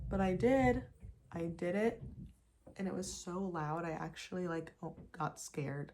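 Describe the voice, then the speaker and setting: A young woman chatting casually while doing her makeup, talking fast and loose with lots of "like", sometimes dropping to a whisper. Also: fairly low pitch, slight background noise. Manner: chatty and animated, full of "like" and "you guys", drops to whispers. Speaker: lifestyle vlogger. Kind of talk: casual get-ready-with-me chat. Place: her apartment.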